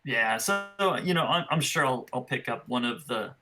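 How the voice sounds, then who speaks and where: A man's voice: medium pitch, lively intonation, normal speed, music in the background. A man co-hosting a casual chat, agreeable and easygoing, often laughing along. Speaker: co-host.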